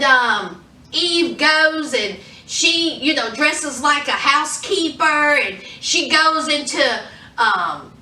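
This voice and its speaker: Brief: animated woman reviewer, slow and unhurried, acts out the lines, bright tone. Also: high voice, reverberant, recorded from a distance. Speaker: TV show reviewer. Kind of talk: casual episode recap.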